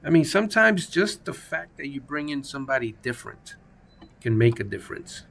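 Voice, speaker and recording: Male gaming host, gravelly voice, casual joking play-by-play for a baseball sim. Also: mid-range voice, very animated, a little fast, a bit bright. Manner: playful, jokey, chatty commentary.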